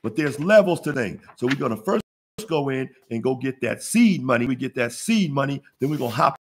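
His mid-range voice has lively intonation and moves a little fast, with a bit of hiss or hum in the recording. As a business funding teacher hosting a casual webinar, he's preachy and motivational, laughs at his own jokes, and leans heavily on call-and-response.

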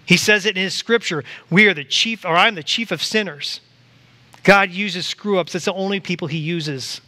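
A man preaching a church sermon, animated and acting out quoted voices to the congregation. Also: high-pitched. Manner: animated, acts out voices of God and Satan. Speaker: pastor. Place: church sanctuary.

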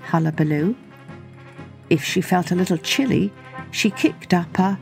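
A woman hosting a children's podcast, telling a story in an expressive, unhurried read-aloud manner. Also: lowish voice, vocal fry, faint music behind.

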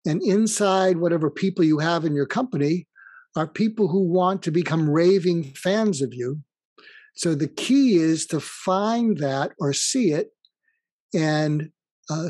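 A man's voice: on the high side, a little slow, a little mellow, no room sound. A man being interviewed as a guest author, explaining his advice through anecdotes and acted-out dialogue. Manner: explains through stories, acting out quoted dialogue.

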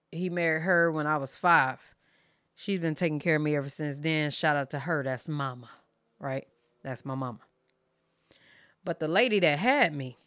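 A woman's voice: fairly low pitch, a bit bright, dry recording, studio quality. A woman in her thirties, hosting her channel and telling her viewers a candid, emotional personal story in casual, profane speech. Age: 30s. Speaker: reaction channel host.

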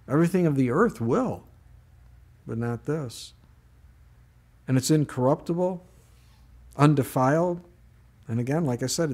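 A man pastor giving a sermon, moving from Bible teaching into a lively personal story. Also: medium pitch. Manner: storytelling, animated in anecdotes.

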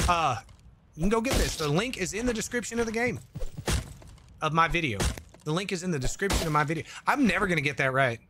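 A man's voice: high voice, sing-song, fairly quick, background noise. A man streaming a game, rambling and joking in casual commentary while reading chat aloud. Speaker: gaming streamer.

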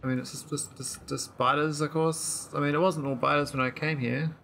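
Gravelly bright-voiced man rambling through gameplay. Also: on the high side, fairly even intonation, a little fast, slight background noise. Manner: rambling, thinking aloud with many fillers and restarts. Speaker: gameplay streamer. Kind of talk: casual let's-play commentary.

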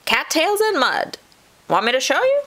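A woman's voice: high voice, huge pitch swings, normal speed, pushed and bright, voice pushed up, exaggerated voice. A woman voicing a proud, handy male muskrat who builds his own lodge, in a children's storybook reading.

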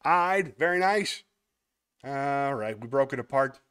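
With an animated, mid-range voice that's fairly bright and clean, a man speaks at a measured pace. He hosts a casual livestream, musing aloud over a word game with self-mocking chatter, then warmly and sincerely thanks his viewers.

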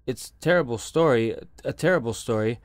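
A husky, anxious male bank clerk, voiced by a man reading an audiobook. He speaks hesitantly, pleading in a slightly raised, fuller voice. The recording is close and dry. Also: medium pitch, expressive, moderate pace, no room sound, lightly acted. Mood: distressed.

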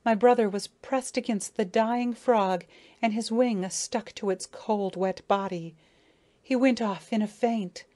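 A woman voicing a grieving, self-important female dragonfly who tells her tale slowly, mournfully and dramatically. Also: mid-range voice, fairly even intonation, dark tone, close to an everyday voice. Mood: grave dramatic. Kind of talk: audiobook character reading.

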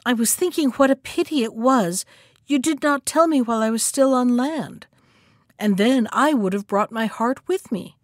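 A woman voicing a clever male monkey who talks with breezy, mocking calm in a storybook reading. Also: a little high, moderate pace, dry recording, studio quality, lightly acted.

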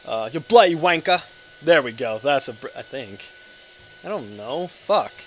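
A young man doing a loud, exaggerated put-on British voice as a rowdy, threatening bloke. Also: medium pitch, expressive, a little slow, slight background noise, natural voice, low-quality recording. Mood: mock threatening.

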